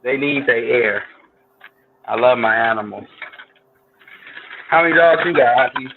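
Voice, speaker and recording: A man's voice: mid-range voice, a little slow, vocal fry. A man, chatting casually as co-host in a laid-back, colloquial way with short agreeing replies. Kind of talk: casual chat. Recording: tinny phone-like line with faint noise.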